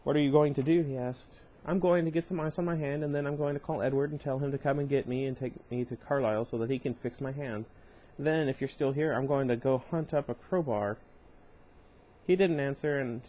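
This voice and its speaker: A man with a mellow, medium-pitched voice reads a novel aloud casually, pausing now and then to comment or correct himself. The recording is rough.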